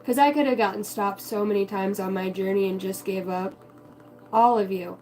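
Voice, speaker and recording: Woman, casual spiritual talk, candid, profane, heartfelt, average pitch. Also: steady tone, moderate pace, dark tone, slight background noise, poor audio. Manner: candid and heartfelt, swears freely; acts out quoted voices in her stories. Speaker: spiritual vlogger.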